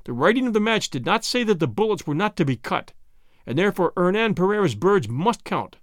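A man voicing a stern older Boer man who judges a shooting match, declaring things loudly and forcefully. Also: high-pitched, sing-song, fairly quick, no echo, studio quality. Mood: indignant.

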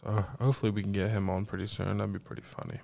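A man with a low, gravelly voice hosts a casual home podcast. He swears freely and tells stories with animated energy, acting out other people's lines. His voice sounds dry and close to the mic. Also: rapid-fire, no echo. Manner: profane, animated storytelling; acts out quoted voices. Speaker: podcast host. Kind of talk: casual chat.

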